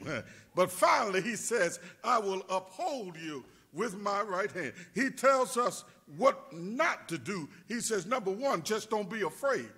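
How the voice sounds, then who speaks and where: A high-pitched, husky man preaches a sermon with a rhythmic cadence. His voice swings widely in pitch and rises to shouts at the peaks. The tone is bright and forceful. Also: sing-song, unhurried. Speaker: pastor.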